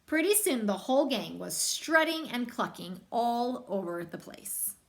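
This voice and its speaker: A young woman reading a children's picture book aloud, with lively, chatty asides to young listeners. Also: a little high, measured pace, slight background noise. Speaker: storybook reader.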